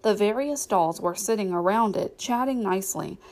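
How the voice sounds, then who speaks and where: A woman reading a novel aloud as narrator, in steady storytelling. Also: mid-range voice, normal speed, rough recording. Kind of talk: audiobook reading.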